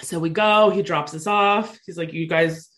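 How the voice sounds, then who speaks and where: A woman's voice: fairly low pitch, normal speed. A woman in her thirties casually telling a personal story to a co-host, full of "like" fillers. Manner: chatty, lots of "like" fillers, animated retelling.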